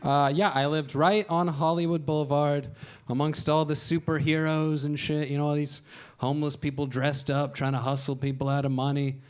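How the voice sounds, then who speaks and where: A man performing stand-up into a handheld mic on a club stage, his voice sitting a bit higher than most men's. He tells wry, self-deprecating stories and jumps into raised voices when he acts out other people. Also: flat delivery, moderate pace, clear, resonant tone. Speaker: stand-up comedian. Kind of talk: stand-up comedy set.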